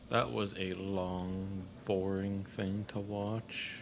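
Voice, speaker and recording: A man's voice: low-pitched, level tone, slow, creaky, background noise. A man streaming a game, talking casually and joking over the cutscenes. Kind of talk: casual commentary over gameplay.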